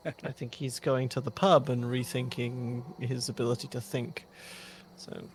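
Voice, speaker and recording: A man's voice: mid-range voice, flat delivery, measured pace, slight background noise. A man playing a tabletop game who asks questions and makes wry remarks. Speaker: player. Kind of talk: casual tabletop game play.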